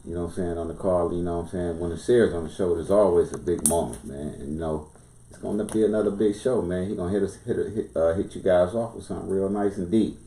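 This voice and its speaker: A man with a very low, dark voice co-hosts a talk show, drawling in slang. He leans on filler phrases. The room sounds echoey. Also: fast talker. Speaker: podcast co-host. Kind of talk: casual chat.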